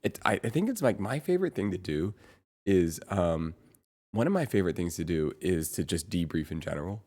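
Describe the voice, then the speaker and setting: A man livestreaming and chatting casually to his viewers, rambling and often pausing to search for words. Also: sits low, sing-song, darkish tone. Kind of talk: casual chat to stream viewers.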